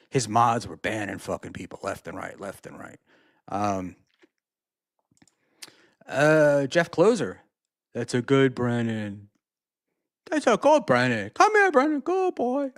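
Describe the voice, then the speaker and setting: A man's voice: medium pitch, no echo, studio quality. A man hosting a casual solo livestream, reading out chat messages and reacting in a rambling, profane way with lots of fillers.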